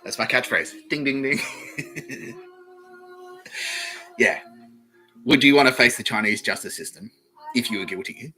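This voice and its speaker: A man's voice: mid-range voice, unhurried, pauses often, bright, forceful tone, soft background music, low-quality recording. A man with an Australian accent hosting a comedy podcast, rambling through a jokey monologue, swearing often and laughing at his own jokes. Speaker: podcast host.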